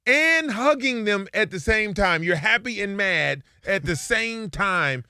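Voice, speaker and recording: A man co-hosting a sports talk show, telling stories in animated, casual chat with playful quoted voices. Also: high-pitched, measured pace, clean tone, no room sound, studio quality.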